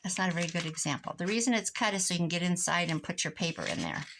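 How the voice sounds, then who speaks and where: Racing along in a fairly low voice, this Iowa woman in her 60s tells a rambling family anecdote as she crafts at her desk at home. She's a crafting vlogger, lively and prone to side comments about her project, and there's slight background noise.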